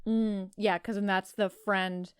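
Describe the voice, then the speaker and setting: A woman's voice: mid-range voice, flat delivery, measured pace, smooth, no echo, clean studio sound. A woman co-hosting a podcast in casual chat, talking with eager enthusiasm and swearing freely. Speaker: podcast co-host.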